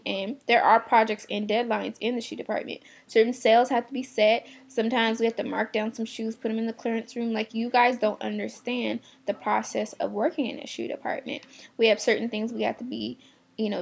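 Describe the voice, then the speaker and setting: With a fairly high pitch, vocal fry and a slightly rough texture, this shoe department retail worker is venting on camera. She's young, exasperated and blunt, and she swears without thinking twice.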